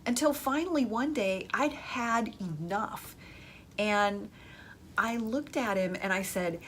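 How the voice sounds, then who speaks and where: A woman's voice: on the high side, slow, a bit bright, slight background noise. A woman hosting an advice podcast, speaking emphatically and conversationally as she addresses her listeners directly. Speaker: dating advice host.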